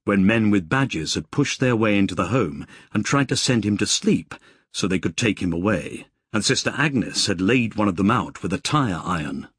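An audiobook narrator with a husky, low male voice reads a scripted story expressively at normal speed. The audio is studio quality, free of any room sound.

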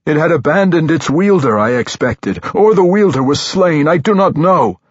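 A man voicing a frightened young male dark elf warrior who stammers and pleads desperately, recorded on a dull, dry microphone. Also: fairly quick, husky, no room sound. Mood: desperate, fearful. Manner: stammering, desperate, higher pitched.

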